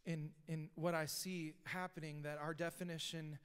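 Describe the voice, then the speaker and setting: A man preaching a sermon as pastor, talking casually and rising to shouted emphasis, recorded live in a church. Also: fairly high pitch, little pitch movement, moderate pace, clear, resonant tone. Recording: live church hall reverb.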